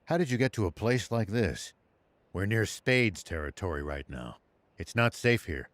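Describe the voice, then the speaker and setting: A cautious older traveling companion, giving careful warnings with a varied, expressive pitch. The game voice is dry. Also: male voice, no echo. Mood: concerned. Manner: concerned, measured warnings. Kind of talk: video game dialogue.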